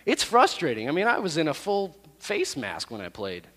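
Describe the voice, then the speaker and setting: A man who is a youth pastor, telling a personal story to his youth group in a lively, self-deprecating way. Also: fairly high pitch, normal speed, big-room sound.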